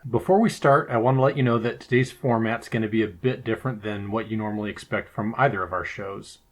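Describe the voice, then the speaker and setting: A man co-hosting a podcast, telling a ghost story in a measured storytelling delivery. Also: lowish voice. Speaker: podcast co-host.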